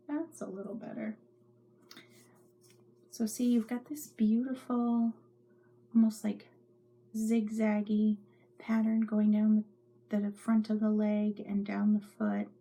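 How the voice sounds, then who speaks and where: A woman's voice: medium pitch, dark tone. A middle-aged woman hosting a knitting podcast from her home craft room, rambling chattily and often dropping into whispers. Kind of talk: casual show-and-tell chat.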